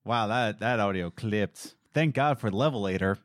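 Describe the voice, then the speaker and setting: A man's voice: fairly low pitch, moderate pace, no room sound, studio quality. A young man co-hosting a casual podcast, telling jokey stories and acting out the voices of people in them. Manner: animated, jokey storytelling with mimicked voices. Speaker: podcast co-host.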